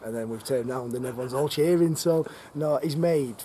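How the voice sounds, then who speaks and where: A man's voice: mid-range voice, fairly quick, warm tone. A man, a football club manager giving a frank, rambling post-match interview outdoors on a freezing night, swearing casually. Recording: noisy outdoor ambience.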